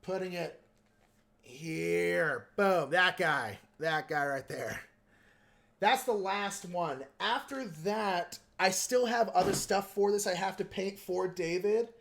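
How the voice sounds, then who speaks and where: Speaking slowly in a high-sitting, creaky voice with a bit of brightness, a livestream host paints miniatures. His talk is loose and jokey, full of fillers and self-mockery.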